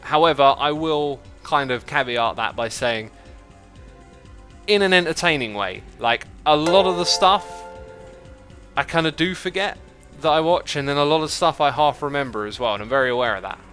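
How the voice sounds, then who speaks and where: This man's fairly high, slightly bright voice is expressive and moderately paced, with faint music in the background. Hosting a livestream of a building game, he chats casually, thinks out loud and reads viewers' messages as he builds.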